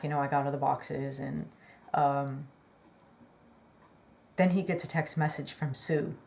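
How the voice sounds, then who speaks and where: A woman's voice: deep voice, steady tone, unhurried, creaky, long pauses, darkish tone. A woman telling a personal story in a chatty, rambling way, earnest and full of fillers and apologetic asides. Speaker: vlogger.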